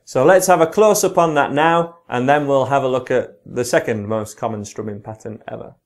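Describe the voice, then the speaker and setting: A British man teaching guitar, explaining strumming and slowly counting the beats aloud. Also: mid-range voice. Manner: counts along in a slow, drawn-out voice. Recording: guitar playing loudly behind the voice. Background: his own guitar playing.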